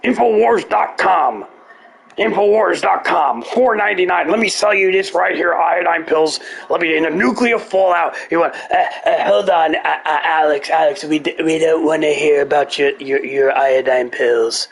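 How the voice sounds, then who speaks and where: A man impersonating an excitable, salesy conspiracy radio host who talks fast and rambles in a blustering way. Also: on the high side, gravelly, slightly rough. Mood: ranting.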